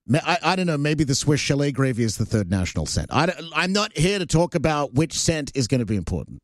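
A man's voice: fairly high pitch, big pitch swings, fast, dry recording, clean studio sound. A Canadian man hosting a talk radio show, blunt and sarcastic, ranting between filler words. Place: radio studio. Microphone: studio microphone.

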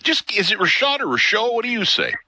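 A man hosts a call-in radio show from a studio mic. His voice is very bright and forward. He talks in a loose, conversational way and restarts his sentences as he thinks. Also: sits high, wildly swooping pitch, quick pace, breathy edge, no room sound. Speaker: radio talk show host.

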